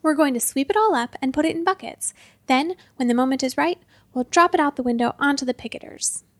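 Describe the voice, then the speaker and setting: A woman's voice: high voice, brisk, dry recording, close to an everyday voice. A woman playing a growling old hotel boss. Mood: blustering. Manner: bossy, growling.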